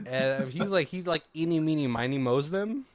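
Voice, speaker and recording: Lively, laughing male podcast host. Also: fairly high pitch, a little slow. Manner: animated, laughs often, talks in loose run-on bursts. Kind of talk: casual chat reviewing a film.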